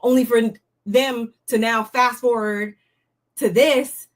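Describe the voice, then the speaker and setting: A woman's voice: on the high side, steady tone, slow pace. A young woman giving a casual, blunt recap of a reality show, talking in slang and often sounding fed up. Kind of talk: casual commentary.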